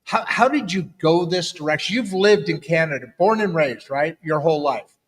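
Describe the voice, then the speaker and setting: Brief: male talk-show host, higher-pitched, energetic, echoing reverb on the mic. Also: moderate pace. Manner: upbeat and hyping, repeats phrases. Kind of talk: live interview show hosting.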